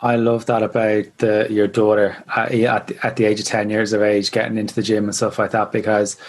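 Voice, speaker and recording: A man hosting an interview, asking earnest, supportive questions in an even tone. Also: lowish voice, a little fast. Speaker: podcast host, fitness coach.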